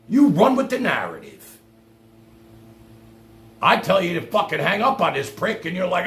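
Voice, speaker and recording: A man's voice: high voice, huge pitch swings, normal speed, vocal fry, pauses often, fairly bright tone. A man hosting a livestream, delivering an angry, profane rant. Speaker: livestream host. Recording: echoey room.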